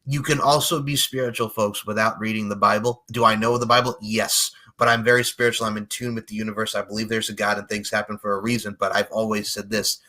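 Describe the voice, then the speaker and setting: A man's voice: lowish voice, flat delivery, fast talker, hardly any pauses, pushed and bright. A man hosting a casual podcast chat, blunt and profane, given to heated rants. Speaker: podcast host.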